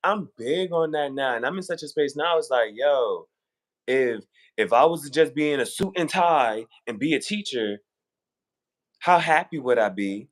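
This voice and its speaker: Animated man telling stories casually. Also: medium pitch, normal speed. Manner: animated storytelling, acting out quoted voices. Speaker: guest on fashion talk show. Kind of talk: casual conversation.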